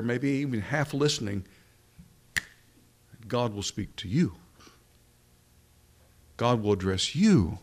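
Earnest man preaching a sermon. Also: medium pitch. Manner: earnest, repeats phrases for emphasis.

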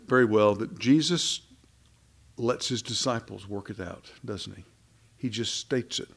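A man's voice: mid-range voice, husky. A man preaching into a microphone, reading scripture and talking in a conversational, wry way full of rhetorical questions. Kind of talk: sermon.

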